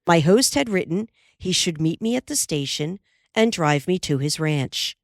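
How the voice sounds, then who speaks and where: A woman narrating an audiobook, measured and expressive storytelling. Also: fairly low pitch, dry recording, studio quality.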